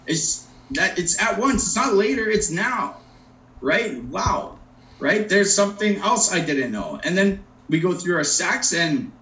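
An earnest man gives a personal recovery talk, keeps checking in with his listeners, and speaks with a slightly high voice. He sits some distance from the microphone. The room around him rings with a noticeable echo. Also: big pitch swings, unhurried, pushed and bright. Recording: roomy echo, mic at a distance.

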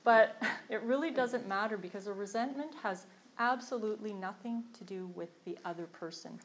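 A woman's voice: medium pitch, normal speed, low-quality recording. A middle-aged woman tells her recovery story in a candid, earnest way. She pokes fun at herself, restarts sentences and leans on fillers. A faint noise sits under her voice. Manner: earnest, self-deprecating, with frequent fillers and restarts. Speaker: recovery program member sharing her story. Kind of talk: candid personal testimony.

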